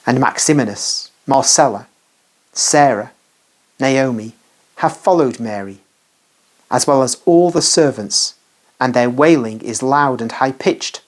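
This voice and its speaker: A narrator reading a devotional vision text in a measured, solemn way. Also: medium pitch.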